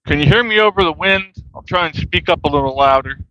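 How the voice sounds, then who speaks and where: A man's voice: fairly high pitch, fast talker, bright, forceful tone, no room sound, highs cut off. A man walking outdoors in the cold wind, talking to his livestream from a handheld phone and ranting angrily with lots of swearing. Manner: casual folksy talk with y'all. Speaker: vlogger. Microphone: handheld phone at arm's length.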